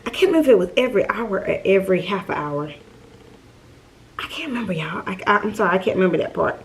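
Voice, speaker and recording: A young woman telling a storytime vlog, chatty and lively, calling her viewers y'all. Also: mid-range voice, quick pace, slight background noise. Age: young adult. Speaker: vlogger.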